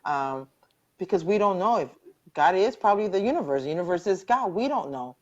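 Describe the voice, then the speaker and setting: A woman's voice: fairly low pitch, lively intonation, fairly quick, darkish tone, lo-fi sound. A middle-aged woman earnestly sharing her personal story as a cancer survivor in a live online interview, often repeating phrases for emphasis.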